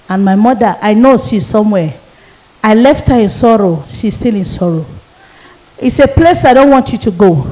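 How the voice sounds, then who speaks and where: A woman's voice: medium pitch, animated, moderate pace, dark tone, rough recording. A woman evangelist, giving an emotional sermon testimony and repeating phrases for emphasis. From Nigeria.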